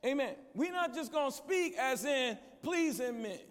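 A man preaching a conference sermon in a church, calling out to the congregation, shouting at peaks and dropping low and quiet in between. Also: expressive, moderate pace. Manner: preaching with call-and-response to the congregation. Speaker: guest preacher. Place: large church sanctuary. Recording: echoey church hall.

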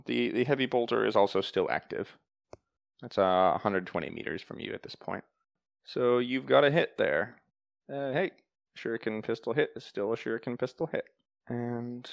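A man running a tabletop game as game master, explaining rules and narrating in a calm, matter-of-fact way. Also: on the low side, gravelly, no room sound.

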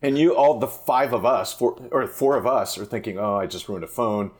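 A man's voice: mid-range voice, moderate pace. A man, a fishing guide, telling anecdotes in a casual interview, rambling and restarting his sentences. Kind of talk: casual storytelling in a podcast interview.

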